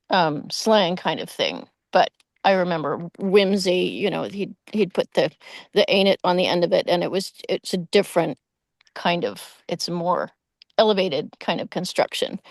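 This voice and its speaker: A woman's voice: lowish voice, expressive, a little slow, dry recording. Chatty woman in a dry video call. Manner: chatty, enthusiastic, many fillers. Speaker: reading group participant. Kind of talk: casual online discussion.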